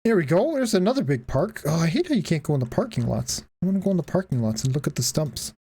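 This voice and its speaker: Woman streamer, low lively voice, crude joking asides, frequent laughter. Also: fast, breathy edge. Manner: joking, profane, laughs often. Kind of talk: casual live-stream commentary.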